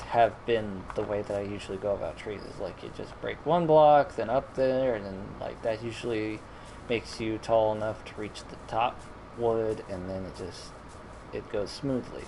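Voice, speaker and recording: A man's voice: on the low side, noisy background. Rambling man narrating his gameplay. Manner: rambling, self-correcting, mildly exasperated. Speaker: gaming streamer. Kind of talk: casual gameplay commentary.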